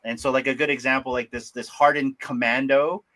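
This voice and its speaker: A man's voice: mid-range voice, steady tone, brisk, sharp tone. A man hosting a casual livestream chat, rambling and enthusiastic with lots of fillers. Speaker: livestream host.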